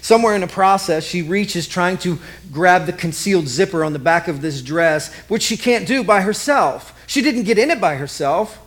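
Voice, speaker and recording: A man's voice: sits high, animated, normal speed, few pauses, fairly bright tone. A man preaching a sermon as vivid present-tense stories, repeating key lines. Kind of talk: dramatic storytelling sermon.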